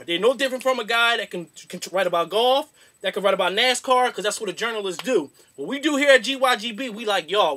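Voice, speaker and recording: High, bright-voiced man ranting about boxing. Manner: slangy, animated, rambling. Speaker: boxing show host. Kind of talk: casual boxing rant.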